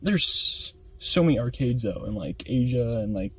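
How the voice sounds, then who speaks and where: A man's voice: mid-range voice, expressive, measured pace, slight background noise. A young man guesting on a podcast, rambling goofily and laughing in a parked car. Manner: goofy, rambling, laughs often. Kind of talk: casual chat.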